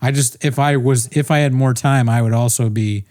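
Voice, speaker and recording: A man's voice: mid-range voice, fairly even intonation, moderate pace, a little mellow, no echo, clean studio sound. A man co-hosting a comedy podcast, ranting in casual profane chat with frequent restarts. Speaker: podcast co-host.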